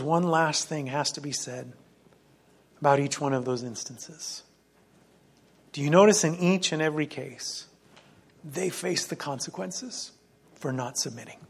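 A pastor preaching a sermon, earnest and insistent, repeating key phrases to drive his point home. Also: a little high.

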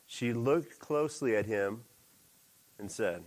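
A man preaching a sermon in a lively, animated way, jumping into character voices for quoted lines. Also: slow. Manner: animated, acts out quoted lines with big pitch jumps.

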